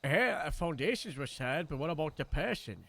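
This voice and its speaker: A man's voice: on the high side, very animated, moderate pace, gravelly, a bit bright. A man playing a police interviewer in a game roleplay, talking hesitantly with many fillers and frequent laughs. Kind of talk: casual game roleplay chat.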